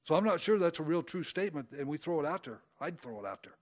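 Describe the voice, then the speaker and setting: Preacher, male, high-pitched, casual Bible-study delivery, leans into quoted verses. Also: expressive, quick pace. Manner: conversational, folksy, rising emphasis on quoted verses. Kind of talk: informal Bible teaching.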